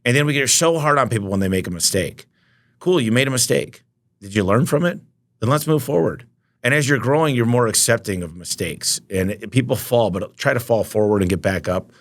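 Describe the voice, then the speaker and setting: A man telling business stories as a podcast guest, emphatic and energetic, often acting out both sides of conversations. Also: medium pitch, a little fast. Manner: energetic, emphatic, acts out quoted dialogue. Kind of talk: storytelling interview talk.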